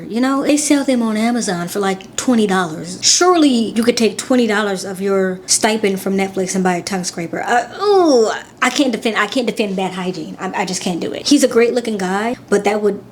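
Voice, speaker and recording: A young adult woman giving casual, chatty reaction commentary as a vlogger, talking in an animated and slangy way. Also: medium pitch, slight background noise. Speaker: vlogger reacting to a dating show.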